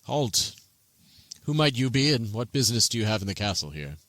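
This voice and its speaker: A man's voice: mid-range voice, a little fast, no echo. A man voicing a cheerful, eager male castle guard in a tabletop game. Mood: stern. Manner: chummy, excitable.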